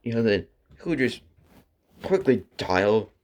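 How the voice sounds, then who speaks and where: Man, low-ish voice, loose rambling storyteller, heavy on fillers. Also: big pitch swings, slow pace, a little mellow. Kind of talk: improvised fan story retelling.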